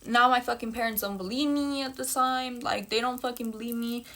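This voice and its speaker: A woman's voice: on the high side, steady tone, brisk, sharp tone. A young woman telling a personal story in a casual storytime monologue, blunt and emphatic, with heavy swearing and repeated phrases.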